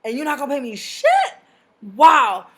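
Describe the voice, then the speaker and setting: A young woman vlogging a heated storytime rant straight to camera, cursing freely and slipping into the voices of everyone in the story. Her voice sits a little high for a woman, and she swings between shouting and muttering. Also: moderate pace. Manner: loud, profane, animated venting with acted-out dialogue.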